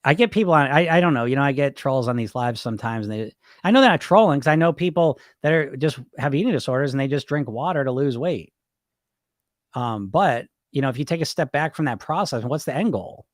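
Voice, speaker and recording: A man's voice: medium pitch, brisk, dry recording, clean studio sound. A middle-aged man, a weight loss coach hosting a podcast, talking casually and acting out his inner voices. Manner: animated, acts out his inner voices in dialogue; conversational, frequent "right?" and "you know?". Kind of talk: casual live-stream advice talk.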